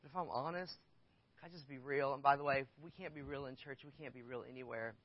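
A man's voice: medium pitch, steady tone, quick pace, dry recording. A man preaching a sermon in church as the pastor, speaking candidly and conversationally, telling a personal story and putting questions to the congregation. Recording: dry, dull lo-fi sound.

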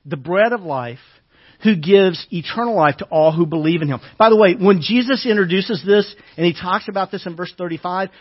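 A man's voice: high-pitched, husky, muffled recording. A man preaching a sermon as pastor, reading scripture with rising emphasis and turning aside to talk to the congregation.

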